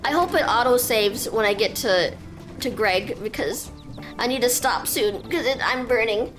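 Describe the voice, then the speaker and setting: A woman's voice: fairly high pitch, moderate pace. A young woman streaming a game, joking and rambling casually to her viewers. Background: soft game music.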